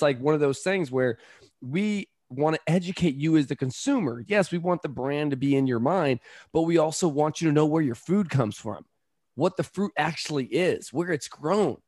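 A man hosting a podcast, chatting casually, animated and quick to laugh, acting out movie lines as he talks. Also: fairly high pitch, no room sound, studio quality. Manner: animated, laughs often, acts out movie quotes. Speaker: podcast host.

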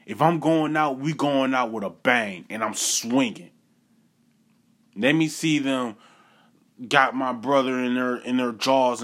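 A young man narrates a personal story in a casual, lively manner. He repeats short phrases for emphasis and slips into acting out the people he quotes. His voice sits at an ordinary pitch for a man. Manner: animated, repeats phrases for effect, acts out quotes.

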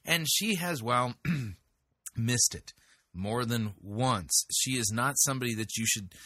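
A man's voice: medium pitch, slow, pushed and bright, no echo, studio quality. A man hosting a show, making sarcastic, mocking commentary on played clips. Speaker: host.

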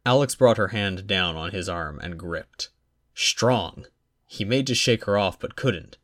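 A man narrating a fan fiction audiobook in a wry, even storytelling manner. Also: low voice, measured pace.

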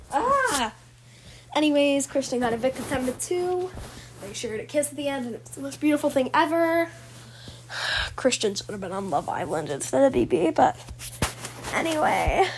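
A woman chatting excitedly as she recaps a reality show, gushing and rambling and often correcting herself. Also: sits high, a little hiss or hum, rough recording. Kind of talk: excited casual vlog recap.

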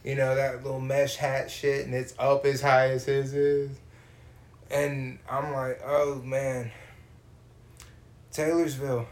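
A man spins a profane, comic story. He is animated and acts out the people he runs into. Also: medium pitch, a little slow. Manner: animated, swears a lot, acts out voices.

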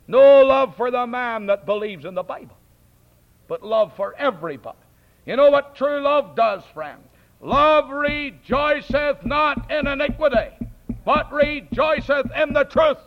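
Fiery high-voiced preacher. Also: male voice. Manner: impassioned, mocking, bursts into shouts. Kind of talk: fiery sermon. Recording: dull lo-fi old recording.

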